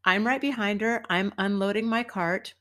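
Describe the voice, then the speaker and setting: A woman's voice: mid-range voice, normal speed, fairly bright tone. A woman from the United States, middle-aged, hosting a podcast and telling an everyday story in a chatty, wry way. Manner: chatty and wry, acts out quoted people. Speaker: podcast host and dance teacher. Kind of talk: casual storytelling monologue.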